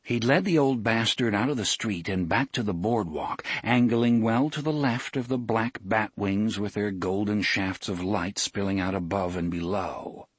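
A man narrating a story in an expressive storytelling manner. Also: on the low side, normal speed, hardly any pauses, husky, no echo. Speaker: audiobook narrator. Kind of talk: scripted narration.

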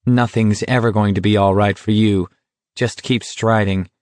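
A man voicing a weary young male walker who speaks in an even, clinical way. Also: fairly low pitch, normal speed, no echo, lightly acted. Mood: cool.

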